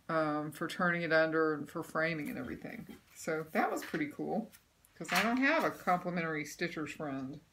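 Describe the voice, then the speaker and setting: Woman, casual rambling show-and-tell, lowish voice, home camera mic. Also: noisy background. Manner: chatty, rambling, lots of ums and restarts. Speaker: cross-stitch vlogger. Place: home room.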